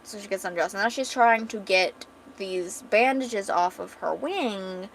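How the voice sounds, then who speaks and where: A woman streamer casually retelling a comic story as she draws, chatty and animated. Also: medium pitch, measured pace, a little hiss or hum, rough recording. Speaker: art streamer. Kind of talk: casual storytelling while drawing.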